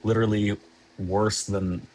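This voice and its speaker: A man's voice: lowish voice, flat delivery, measured pace, darkish tone. A young man streaming from a hotel room, chatting casually and reading out viewer messages in a rambling, sarcastic, self-deprecating way with lots of swearing.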